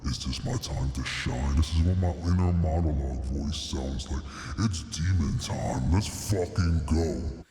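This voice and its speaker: Deep demonic inner voice. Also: male voice, dark tone. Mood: menacing. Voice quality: deep, menacing, slow. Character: menacing male inner-monologue demon voice. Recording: roomy long reverb.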